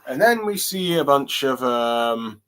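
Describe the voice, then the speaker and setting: A man's voice: medium pitch, animated, slow pace, fairly bright tone, clean tone. A man giving a casual solo review of a manga chapter, hesitant and full of fillers as he reads along. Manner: hesitant, many fillers and restarts while reading along.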